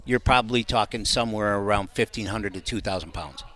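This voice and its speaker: A man's voice: on the low side, brisk, a bit bright. A middle-aged man talking as a company guest on a radio show, enthusiastic and salesy. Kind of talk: casual radio chat.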